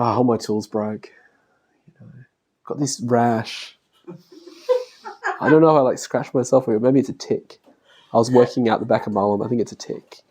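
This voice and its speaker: A man's voice: medium pitch, darkish tone. A middle-aged man giving a casual spoken lecture, chatting, laughing often and acting out the voices of family members. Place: classroom.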